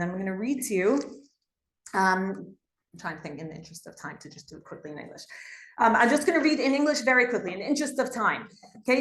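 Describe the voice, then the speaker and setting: A woman teaching a lesson, retelling biblical stories in an animated storytelling way, often checking in with "right?". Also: medium pitch. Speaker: Torah teacher. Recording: echoey room.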